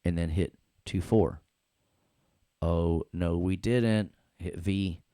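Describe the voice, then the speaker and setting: Playful deep-voiced male audio instructor. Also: slow, mellow, clean tone, no echo, clean studio sound. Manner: playful, jokey, talks to the class. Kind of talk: live classroom software tutorial.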